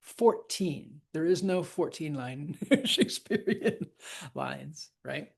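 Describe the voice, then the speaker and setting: A man teaching a lesson on verse scansion, talking casually, often checking in with "right?" and reading lines aloud slowly. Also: on the high side, expressive, creaky, breathy edge.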